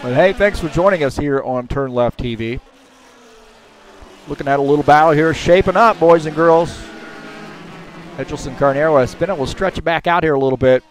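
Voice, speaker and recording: A man's voice: on the high side, brisk, pauses often. A man giving casual, chatty commentary on a sim race, with lots of fillers.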